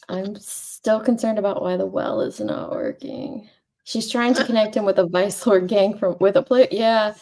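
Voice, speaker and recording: Gravelly woman host, slow talker, laughs a lot while gossiping over a clip. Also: mid-range voice, mellow. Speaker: commentary host. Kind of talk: casual commentary.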